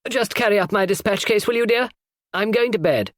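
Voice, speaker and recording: A man's voice: sits high, brisk, a bit bright, no echo, studio quality, voice pushed up. A man voicing an imperious elderly lady of the house, giving orders, in a storybook reading. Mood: commanding.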